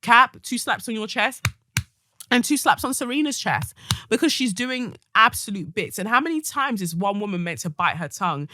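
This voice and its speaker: A woman hosts her podcast alone. She reads listener mail and gives her own opinions in a blunt, fiery way, with quick jokes thrown in. Her voice is bright and forceful, and it sounds close and dry. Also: medium pitch, lively intonation, dry recording. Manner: blunt, passionate, comic ranting. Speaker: podcast host. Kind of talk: solo podcast monologue, reading a listener letter.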